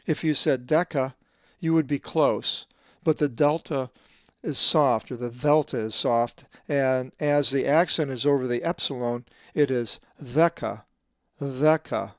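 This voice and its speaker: A man's voice: mid-range voice, no echo, studio quality. Methodical man teaching Greek letters. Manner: methodical, drawn-out slow stress on Greek words. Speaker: Bible translator teaching Greek pronunciation. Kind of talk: scripted teaching lesson.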